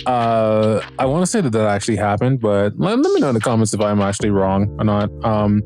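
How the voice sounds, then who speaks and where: A man's voice: on the low side, sing-song, a little fast, darkish tone, soft background music. A man hosting a podcast, giving a casual solo review of a TV series, rambling with lots of fillers, restarts and swearing.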